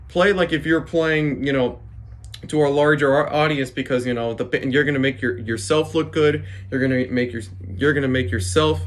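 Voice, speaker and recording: Guy giving drum gig tips, stumbles over his words a lot, keeps saying okay. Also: medium pitch. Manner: stammering, restarts, says "okay?" a lot. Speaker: drummer giving advice. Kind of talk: casual spoken tips to camera.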